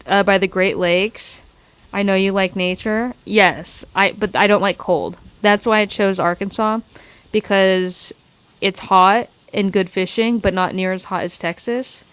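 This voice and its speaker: A woman with a clear, resonant, medium-pitched voice hosts a casual outdoor livestream on a windy day, with no room sound. Speaking close into her phone mic, she answers viewer chat in a loose, rambling, profane way, restarting often.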